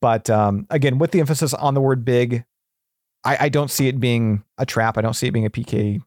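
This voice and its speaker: A man's voice: medium pitch, fairly quick, darkish tone, no room sound, clean studio sound. A man chatting casually as a podcast guest, rambling with many fillers and restarts. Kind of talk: casual chat.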